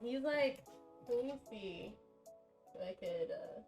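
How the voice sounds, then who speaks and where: A woman's voice: a little high, expressive, slow, darkish tone, faint music behind. A young woman streaming live from her home kitchen, chatting casually with lots of fillers and giggles. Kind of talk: casual live-stream chat while cooking. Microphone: camera on a tripod.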